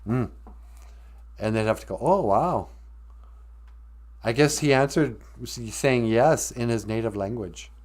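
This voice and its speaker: A man's voice: medium pitch, slow pace, long pauses, a little mellow. A man hosting a livestream show, telling stories in a rambling, joking way and laughing often. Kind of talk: casual storytelling chat.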